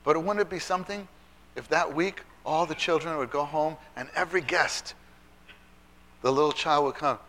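A man giving an animated Bible teaching talk to church children's workers, stressing and repeating key phrases. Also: fairly high pitch, normal speed.

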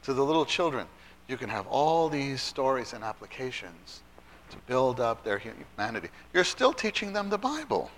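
A man giving an animated Bible teaching talk to church children's workers, stressing and repeating key phrases. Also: mid-range voice, moderate pace, slight background noise.

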